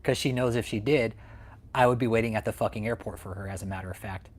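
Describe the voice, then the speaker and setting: A man with a lowish voice talks fast during an angry livestream rant from his San Antonio, Texas home. As the channel's host, he is heated and profane, swearing a lot and repeating his threats.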